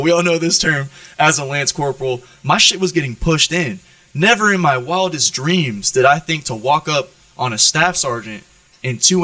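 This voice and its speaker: An American man, a Marine, telling profane, animated stories as a podcast guest and often checking in with "right?". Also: fairly high pitch, dry recording, far from the mic, rough recording. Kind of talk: storytelling in an interview.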